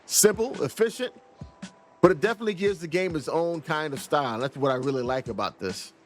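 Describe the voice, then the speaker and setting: With background game music, a man casually goes through an indie game in a let's play review. His fairly high voice has lively intonation and a slightly quick pace, and he playfully reads the dialogue in silly voices.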